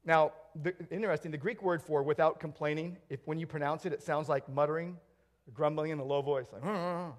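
A man preaching a sermon in a church, earnest, swinging between emphatic declarations and hushed, quiet stretches. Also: fairly high pitch, steady tone, a little fast. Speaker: pastor.

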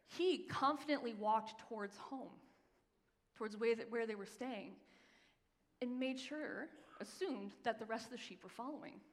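A woman pastor giving a sermon, telling a story with emphasis and slowing down for the scripture readings. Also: on the high side. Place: church sanctuary. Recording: long reverb of a large hall.

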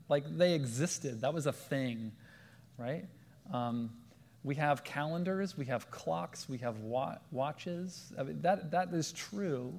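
Male preacher, lively storyteller, slightly high voice, long hall reverb. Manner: animated, acts out quoted voices. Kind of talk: sermon with storytelling.

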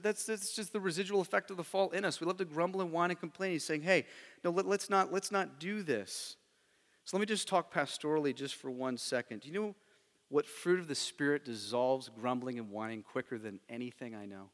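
A man's voice: a little high, brisk, long reverb tail. A middle-aged man preaching a sermon as a pastor, talking conversationally with frequent rhetorical questions. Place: church sanctuary.

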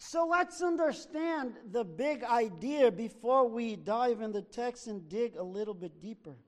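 A man preaches from the pulpit with an unusually high voice, pressing his points slowly and deliberately. He swings between loud, emphatic declarations and hushed asides. The sound carries a long reverb, like a church sanctuary. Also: lively intonation. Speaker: pastor. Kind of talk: sermon.

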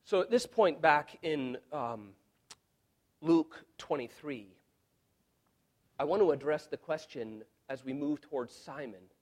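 A man's voice: a little high, a little mellow. A man preaching an expository sermon in an earnest, emphatic way, often repeating words as he restarts. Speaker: pastor.

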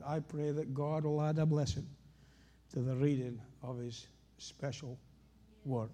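A man's voice: on the high side, flat delivery, unhurried, long pauses, dark tone. A Scottish man preaching a sermon, telling anecdotes and stories with rising emphasis.

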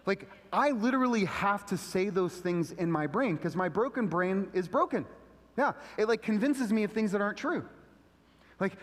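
Guy preaching a laid-back sermon, pretty high voice, big echoey hall. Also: moderate pace. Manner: casual, animated, slangy delivery. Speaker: pastor.

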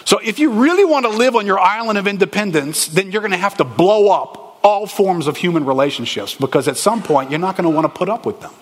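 A male pastor preaching in a big echoing hall, his slightly high, husky voice carried by a long reverb. He talks to the congregation conversationally, firing off rhetorical questions. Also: animated, a little fast, few pauses. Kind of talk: sermon.

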